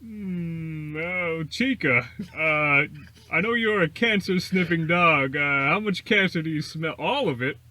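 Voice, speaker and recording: A man's voice: fairly high pitch, animated, measured pace, bright, forceful tone. A man doing a goofy, mock-dramatic impression of a male online video host talking to his dog.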